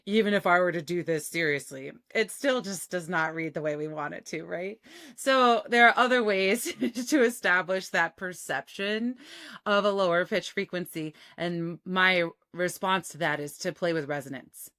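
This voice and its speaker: A woman working as a voice coach, giving an instructional talk and demonstrating techniques with a clean, clearly phonated voice while she varies her resonance and cadence. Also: on the low side, normal speed, fairly bright tone, no room sound, clean studio sound.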